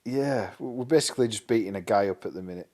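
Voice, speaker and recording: Speaking quickly in a fairly low, darkish voice, this man co-hosts a podcast and reminisces casually. He's chatty, laughs frequently and tosses in tag questions to get others to agree.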